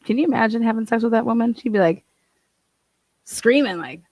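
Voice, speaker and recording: A woman's voice: a little high, lively intonation, brisk, darkish tone, dry recording. A woman hosting a casual true crime livestream, swearing freely, laughing and reading court documents aloud. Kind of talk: casual profane livestream commentary.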